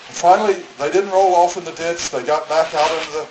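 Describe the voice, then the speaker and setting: A man preaching in a storytelling way, now and then doing the voices of the people in his story. His voice sits a little high for a man, and the room rings with echo over steady background noise. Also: a little fast. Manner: storytelling, acts out voices in quotes. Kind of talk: sermon.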